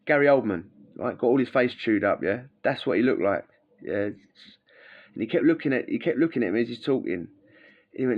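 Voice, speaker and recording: A man spins casual stories, rambling and slangy with plenty of fillers. His voice sits at a middling pitch for a man, and the recording sounds dull and lo-fi. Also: expressive, fairly quick. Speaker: vlogger recounting prison life. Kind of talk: casual storytelling.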